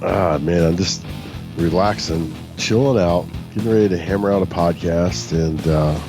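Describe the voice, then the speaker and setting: A man's voice: low voice, moderate pace, over music. A man co-hosting a podcast from his studio, chatting in a laid-back, agreeable way. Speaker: podcast co-host. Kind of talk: casual podcast chat. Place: home studio.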